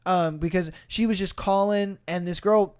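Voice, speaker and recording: A man's voice: high-pitched, normal speed, smooth. A young man hosting a podcast, telling a story in casual chat with lots of swearing and acted-out quotes. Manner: animated, swearing, acts out voices in quotes. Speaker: podcast host.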